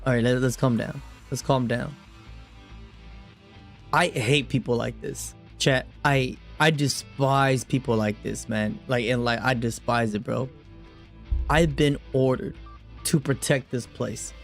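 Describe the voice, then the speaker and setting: Young male streamer, mid-range voice, ranting to chat about a game story, profane and stumbling, soft guitar music under him. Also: mid-range voice, steady tone, unhurried, gravelly. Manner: heated, profane, rambling with restarts. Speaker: gaming streamer. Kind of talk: live reaction commentary to chat.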